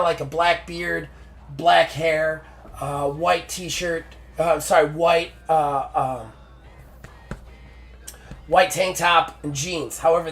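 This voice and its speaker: Gravelly man narrating a wrestling game. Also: fairly high pitch. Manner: excited play-by-play with many fillers. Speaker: game master and streamer.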